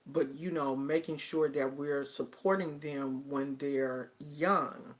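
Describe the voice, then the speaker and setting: A woman vlogger chats casually to camera and tells her stories in an animated, drawn-out way. She speaks at an unhurried pace in a fairly low voice.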